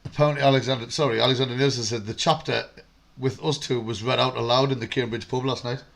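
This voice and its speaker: A man's voice: mid-range voice, fairly even intonation, vocal fry, fairly bright tone. A man, co-hosting a fan live stream and chatting casually about football, telling stories with some swearing. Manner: quick, chatty storytelling with swearing.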